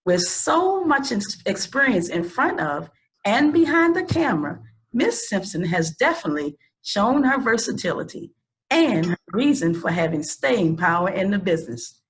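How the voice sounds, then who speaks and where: A woman's voice: mid-range voice, big pitch swings, moderate pace, low-quality recording. A woman hosting an interview, introducing her guest and affirming her with frequent okays. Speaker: interview host.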